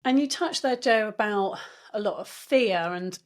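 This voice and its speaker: A woman's voice: medium pitch, animated, measured pace. Woman host, easy chatty interview voice, asks thoughtful questions. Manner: warm, affirming, reflective questions. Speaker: podcast host. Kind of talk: conversational interview.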